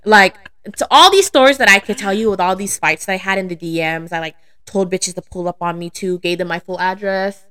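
A young woman guest on a podcast, chatting casually and telling blunt, animated stories. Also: medium pitch, fairly quick, few pauses, smooth. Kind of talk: casual chat.

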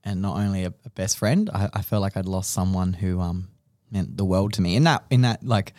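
A man's voice: low-pitched, fairly even intonation, a little fast, a little mellow, no room sound, studio quality. A young man hosting a podcast, telling an emotional story in a rambling way with many restarts. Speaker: podcast host. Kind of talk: casual chat.

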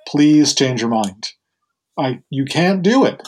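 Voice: mid-range voice, animated, slow pace, darkish tone. A storyteller voicing the sun god as a casual, doting father who talks in modern slang. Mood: breezy, fond, pleading.

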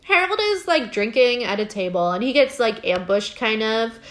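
A woman's voice: on the high side, moderate pace. Chatty, giggly woman recapping a show. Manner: animated, filler-heavy, giggly. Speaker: podcast host. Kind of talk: casual TV episode recap.

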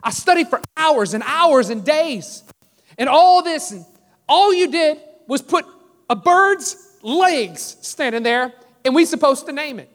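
A man's voice: extremely high pitch, animated, quick pace, few pauses, fairly bright tone, in a large hall, pitched above the performer's own voice, full character voice. A man voicing a furious male college student who rants in indignation.

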